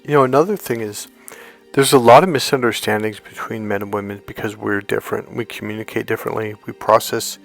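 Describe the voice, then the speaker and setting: Male dating coach, gravelly voice, blunt and profane, animated storyteller, faint music underneath. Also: on the low side, a little fast. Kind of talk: monologue to camera.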